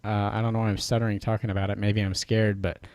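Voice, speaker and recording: A man's voice: lowish voice, little pitch movement, quick pace, a little mellow, clean tone, dry recording. A man in casual podcast chat, laughing often as he tells a story about a creepy toy.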